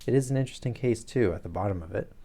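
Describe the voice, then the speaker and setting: A man voicing a sharp, cool-headed detective who lays out his reasoning crisply. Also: lowish voice, lively intonation, very fast. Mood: curt.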